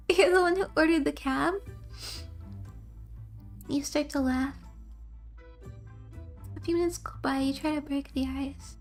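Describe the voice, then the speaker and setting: High-pitched girl streaming a game, laughs a lot, bit of music under it. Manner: chatty, rambling, laughs often. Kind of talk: casual game commentary and reading.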